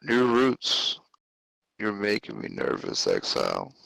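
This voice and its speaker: A man's voice: sits high, big pitch swings, unhurried, dry recording, voice pushed up, full character voice, rough recording. A man voicing a jittery male game character, trying one line in ever-changing inflections. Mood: low.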